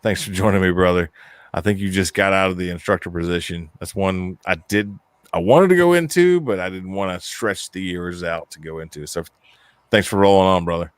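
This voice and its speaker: A man's voice: low-pitched, fairly quick, dry recording. A man co-hosting a casual live-stream chat, joking and cursing as he reads out viewer comments. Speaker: podcast co-host.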